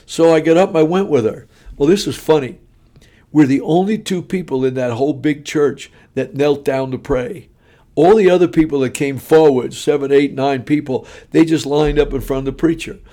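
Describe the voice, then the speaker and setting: Mellow-voiced man telling a lively testimony. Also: a little high, normal speed. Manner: punchy, animated, folksy storytelling. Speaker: preacher giving his testimony. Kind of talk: personal testimony storytelling.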